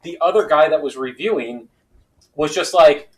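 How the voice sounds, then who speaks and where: A man with a fairly high voice hosts a board game session. He reads rules slowly and tells stories with lively, acted-out quotes. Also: low-quality recording. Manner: animated storyteller, acts out quoted voices. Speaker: board game player and host. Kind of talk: casual chat, reading game rules.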